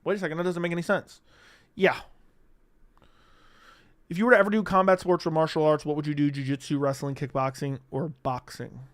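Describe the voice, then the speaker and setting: A man's voice: fairly high pitch, fairly even intonation, a little fast, pauses often, dry recording. A young adult man hosting a live stream, chatting casually and profanely while reading out viewer comments. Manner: casual, profane, reads chat comments aloud. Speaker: livestream host.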